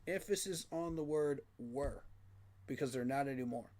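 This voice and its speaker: A man's voice: mid-range voice, normal speed, a little mellow. A man giving a frustrated, emphatic postgame reaction rant, repeating his points for emphasis. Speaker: sports fan commentator.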